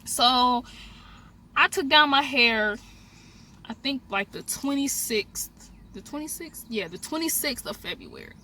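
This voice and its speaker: A young woman vlogger telling a story in a casual, animated way, speaking straight to her viewers. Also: high voice, measured pace, a little hiss or hum. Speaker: beauty vlogger. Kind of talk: storytime vlog, casual chat.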